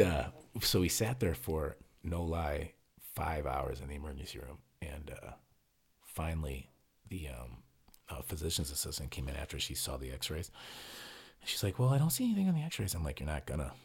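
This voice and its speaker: A man with a very low, gravelly voice tells a story in casual podcast chat. He is husky and rough-edged, and he swears freely while acting out each quote. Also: unhurried. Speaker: podcast co-host telling a story.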